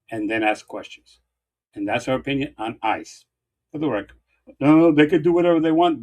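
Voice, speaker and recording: A man co-hosting a talk show, arguing heatedly and counting off his points one by one, often repeating himself for emphasis. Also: mid-range voice. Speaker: political show co-host. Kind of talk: heated political debate.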